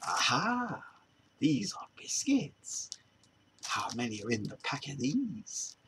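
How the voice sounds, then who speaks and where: A man's voice: medium pitch, wildly swooping pitch, slow pace, noisy background, heavily acted. A man voicing a grumpy Australian man who fusses and mutters irritably over a packet of biscuits. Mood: grumbling. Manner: irritable, muttering, swears mildly.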